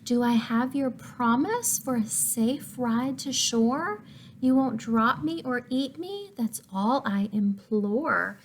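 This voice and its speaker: A woman's voice: on the high side, lively intonation, takes it slowly, a little hiss or hum, voice pushed up. A woman voicing a small, plucky gingerbread cookie girl who chants her lines in rhyme. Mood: timid pleading. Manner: chanting sing-song rhyme.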